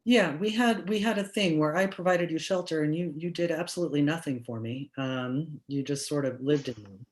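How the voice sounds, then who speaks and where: A woman voicing a tree fed up with a woodpecker in a live improv comedy scene, talking in a blunt, deadpan way. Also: low voice, brisk, lightly acted. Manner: blunt, deadpan, matter-of-fact.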